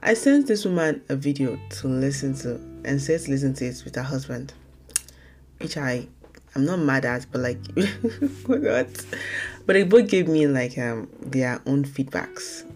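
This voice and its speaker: A young woman from Nigeria hosting her own casual podcast, talking fast and rambling, often correcting herself mid-sentence. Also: extremely low pitch, animated, darkish tone, faint music behind. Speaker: podcast host. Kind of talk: casual solo podcast talk.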